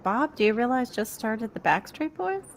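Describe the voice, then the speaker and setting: A woman's voice: a little high, sing-song, moderate pace, crowd noise. A woman chatting playfully on a live stream, teasing and putting on mock tough talk. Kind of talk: casual live chat banter.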